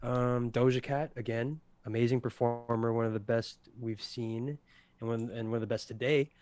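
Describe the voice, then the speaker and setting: A man's voice: mid-range voice, fairly even intonation, normal speed, a little mellow, no echo. A young man co-hosting a casual livestreamed podcast, rambling with lots of fillers and easy laughter. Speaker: podcast co-host presenting awards.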